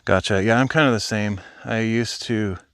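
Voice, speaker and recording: A man's voice: fairly low pitch, normal speed, fairly bright tone, no echo, clean studio sound. Rambling man streaming on a hike. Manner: rambling, thinking aloud, replies to chat. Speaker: hiking live streamer. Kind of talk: casual chat with live chat while hiking. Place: outdoors on a hiking trail. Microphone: phone.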